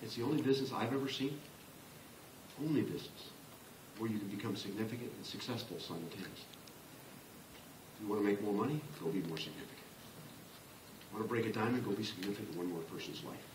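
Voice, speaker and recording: A man in his sixties giving a motivational business talk to a large room, impassioned and building to loud emphatic peaks. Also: fairly low pitch, expressive, fast, long pauses, background noise. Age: 60s. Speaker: motivational speaker. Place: large conference room with an audience. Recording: roomy, distant live-hall recording.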